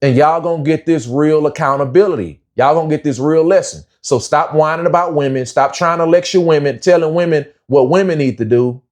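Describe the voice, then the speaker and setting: Man, young adult, preachy, lecturing, fairly high-pitched. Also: brisk, hardly any pauses, darkish tone. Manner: preachy, slangy, lecturing, says "bruh" often. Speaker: commentary vlogger. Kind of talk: opinionated commentary monologue.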